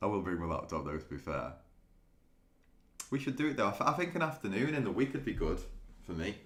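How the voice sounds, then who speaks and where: A man's voice: fairly low pitch, big pitch swings, brisk, a bit bright, roomy sound. A man chatting casually with viewers on a live stream, laughing often and restarting his sentences. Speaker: day trading streamer.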